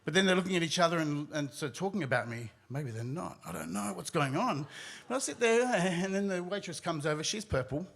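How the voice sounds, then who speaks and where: A man telling a personal story live on stage, animated, acting out his own panicked reactions. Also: fairly high pitch, brisk, creaky, noisy background. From Australia.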